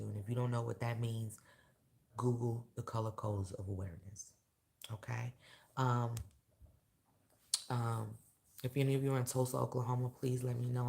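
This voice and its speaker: A woman talking candidly to her viewers in a casual vlog, emotional and blunt, swearing freely and working herself up into loud rants. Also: very deep voice, gravelly. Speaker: vlogger and awards show host. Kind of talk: casual direct-to-camera vlog.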